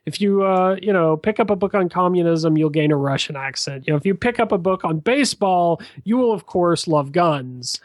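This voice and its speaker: A man's voice: high-pitched, expressive, moderate pace, few pauses, no room sound. A man co-hosting a casual podcast chat, making dry, sarcastic points padded with fillers. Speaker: podcast co-host.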